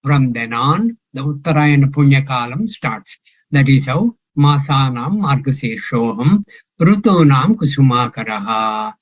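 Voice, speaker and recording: A man's voice: mid-range voice, lively intonation, a little slow, muffled recording. An older man teaching a scripture class, talking in a musing way and quizzing his students. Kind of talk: scripture class, question and answer.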